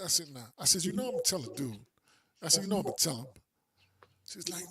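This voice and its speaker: A man on a podcast, spinning a story in relaxed, slangy talk. He drops into quick voices for the people he quotes, then comes back to his own easy chat. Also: a little high. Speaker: podcast co-host.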